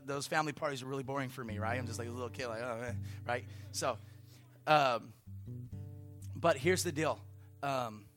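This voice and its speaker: A man preaching a conversational sermon in a church, telling a story in an animated way with playful asides. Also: mid-range voice. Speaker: pastor.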